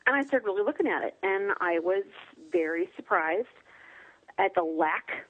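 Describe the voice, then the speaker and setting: A woman's voice: mid-range voice, lively intonation, moderate pace. A woman author chats in an interview, spinning anecdotes and slipping into playful voices for quotes. The recording is slightly dull and lo-fi. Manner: chatty storyteller acting out quotes in playful voices. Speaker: guest author. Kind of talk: casual interview chat.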